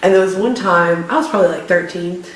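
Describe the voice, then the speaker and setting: A young woman co-hosting a casual podcast, relaxed and quick to laugh. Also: lowish voice. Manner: laid-back, laughs often. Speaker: podcast co-host. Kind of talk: casual chat. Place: room at home. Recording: roomy, distant mic with faint hiss.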